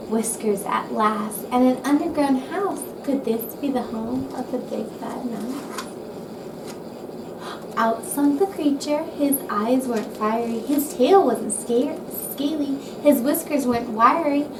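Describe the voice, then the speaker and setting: A woman calmly reading a rhyming children's picture book aloud. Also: high-pitched, unhurried. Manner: calm, gentle, rhythmic reading. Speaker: storybook reader. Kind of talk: bedtime story reading aloud. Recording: roomy, distant mic with background noise.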